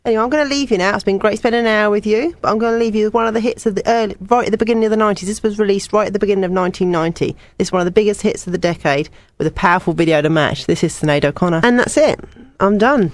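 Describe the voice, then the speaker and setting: A woman's voice: mid-range voice, rapid-fire, no room sound. A young woman presenting a student radio music show, chatty and personal between songs.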